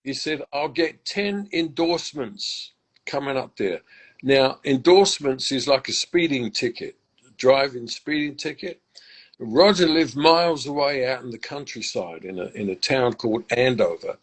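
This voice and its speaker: A man's voice: medium pitch, lively intonation, a little slow, rough recording. An older man from England, a musician guest telling stories in a casual interview, reflective and full of restarts. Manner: reflective, warm faith talk with many restarts.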